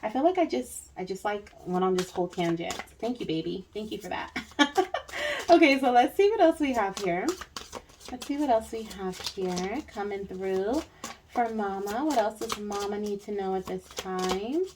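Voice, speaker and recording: A woman's voice: mid-range voice, normal speed, darkish tone, distant mic, slight background noise. A woman giving a spiritual reading in a casual, rambling, reassuring way, full of fillers and tag questions. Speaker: spiritual reader.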